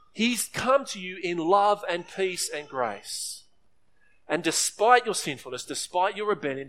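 Earnest preaching man. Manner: earnest preaching, acts out quoted voices with rising pitch. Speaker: pastor. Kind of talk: sermon.

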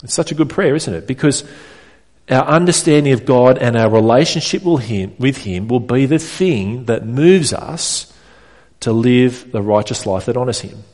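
In the echoing church hall, the pastor delivers his sermon with an animated, slightly mellow mid-range voice at a moderate pace. Earnest and direct, he repeatedly asks questions of the congregation.

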